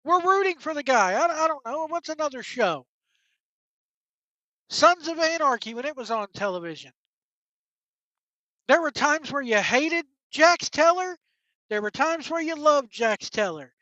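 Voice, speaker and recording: High-voiced woman ranting bluntly. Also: sing-song, a little slow, long pauses, sharp tone, no room sound. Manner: blunt, profane, exasperated. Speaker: wrestling commentary host. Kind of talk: opinionated solo rant. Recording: dull, dry lo-fi sound.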